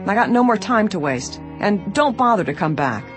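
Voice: mid-range voice, big pitch swings, normal speed, music in the background, natural voice. An audiobook reader voicing a hostile, rude man who blurts dismissals. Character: hostile gruff man in dingy office.

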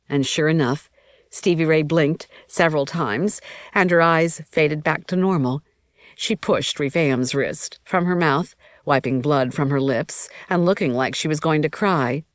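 A woman reading a first-person story as audiobook narration in an even, measured way. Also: low-pitched, no room sound, studio quality.

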